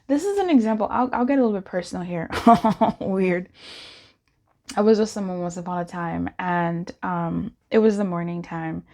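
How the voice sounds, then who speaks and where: A woman hosting a relaxed pick-a-card tarot reading. She talks in a loose, chatty way, laughs often, and drops into teasing put-on voices when she quotes people. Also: lowish voice, moderate pace. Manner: chatty, giggly, playfully acts out quoted voices. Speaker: tarot reader.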